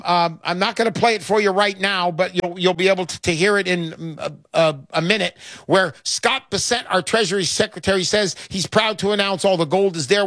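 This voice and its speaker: Loud pushy middle-aged guy on talk radio, keeps repeating himself, dry close sound. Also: high-pitched, dry recording. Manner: brash, emphatic, repeats lines for effect. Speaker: radio show host. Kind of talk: talk radio with sales pitch.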